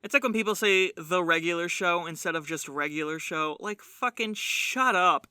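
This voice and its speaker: A man's voice: high voice, normal speed, hardly any pauses, sharp tone, smooth, no room sound, clean studio sound. A young man co-hosting a podcast in casual chat, joking and exaggerating, swearing casually. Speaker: podcast co-host.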